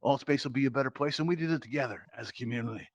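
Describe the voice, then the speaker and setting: Quick-talking guy hosting a vr game show, hyping the crowd, dry dull headset audio. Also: mid-range voice, dry recording. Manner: upbeat showman, hyping up the crowd. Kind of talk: hosting a live virtual reality game show. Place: virtual reality social app.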